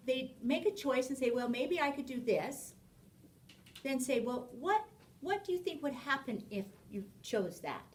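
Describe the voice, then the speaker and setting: A woman teaching a parenting class, lively, acting out short exchanges with children as she explains. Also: high voice, recorded from a distance, low-quality recording. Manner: animated, acts out little dialogues with children. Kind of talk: spoken class lecture.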